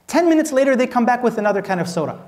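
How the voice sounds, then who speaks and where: A man's voice: very high voice, very animated, racing, a little mellow. A man from Minnesota giving a conversational Islamic lecture, firing rhetorical questions at the audience and joking with them. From Minnesota, USA.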